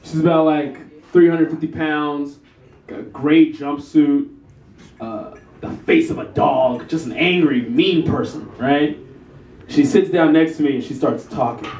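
A man's voice: a little high, unhurried, a little mellow. A young man doing a live stand-up set in a small café, self-deprecating and chuckling through his own lines. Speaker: stand-up comedian. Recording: echoey room, distant mic.

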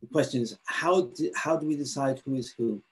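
A man's voice: medium pitch, a little fast, slightly rough. A man presenting a live webinar over a video call, eager and full of fillers and restarts. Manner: enthusiastic, with many fillers and restarts. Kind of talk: teaching a live online webinar.

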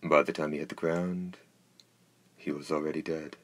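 A man narrating an audiobook in a steady, measured reading. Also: extremely low pitch. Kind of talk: scripted narration.

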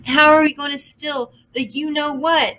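A woman's voice: a little high, normal speed, a bit bright, distant mic, a little hiss or hum, lightly acted, poor audio. A woman voicing an anxious young girl who talks in a fretful, breathless way. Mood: nervous.

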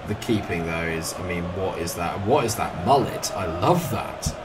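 Low-voiced southern English gaming host. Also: male voice, normal speed, heavy background noise. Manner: jokey, chatty, excitable at goals. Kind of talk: casual gameplay commentary. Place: home flat.

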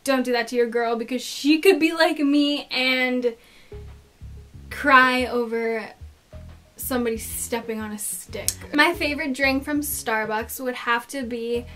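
Chatty high-voiced teenage girl. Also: fairly even intonation, unhurried, a bit bright, faint music behind. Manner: chatty, dramatic storytelling with many "like" fillers. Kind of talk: casual get-to-know-me vlog.

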